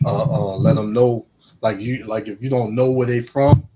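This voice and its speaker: A man's voice: fairly low pitch, fairly even intonation, measured pace, warm tone, breathy edge. A man talking in a casual religious discussion, rambling with frequent restarts.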